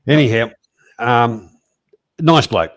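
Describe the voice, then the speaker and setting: A man's voice: mid-range voice, slow pace. Rambling, irreverent Australian man. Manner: rambling storyteller, irreverent, swears. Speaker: host. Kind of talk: casual chat.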